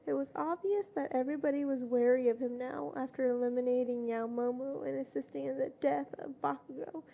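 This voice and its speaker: High gravelly woman reading fanfiction aloud. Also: fairly even intonation, a little fast, lo-fi sound. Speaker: fanfiction reader.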